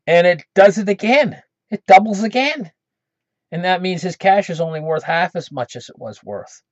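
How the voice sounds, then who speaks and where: A man's voice: on the high side, no echo. A man casually telling a folksy, rambling cautionary story for his channel, chuckling often, in a dull lo-fi recording. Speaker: channel host.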